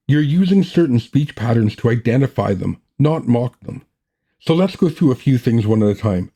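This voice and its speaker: A writing podcast host delivers a scripted lesson in a mellow, even voice of middle pitch. He speaks in a measured, plain way, moving steadily from one point to the next.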